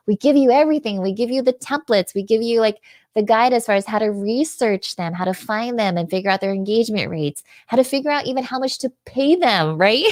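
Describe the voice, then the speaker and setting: A woman's voice: medium pitch, darkish tone, no echo. Bubbly woman guest, casual chat, gushing, dry close sound. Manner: bubbly, gushing, laughs often. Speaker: author guest.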